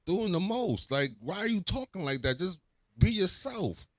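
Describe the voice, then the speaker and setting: A man's voice: high-pitched, very animated, a bit bright, no room sound. A man co-hosting a livestream, talking casually in slang and often backing up his partner. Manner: slangy, quick to agree and laugh. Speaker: livestream co-host. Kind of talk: casual commentary chat.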